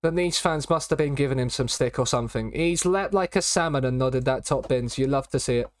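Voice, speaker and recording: A young Englishman talks casually through his live stream, rambling between thoughts and repeating pet phrases. His voice sits at an ordinary middle pitch. It is recorded close on a desk mic with no room sound. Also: a little fast, no room sound. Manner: chatty, rambling, repeats catchphrases.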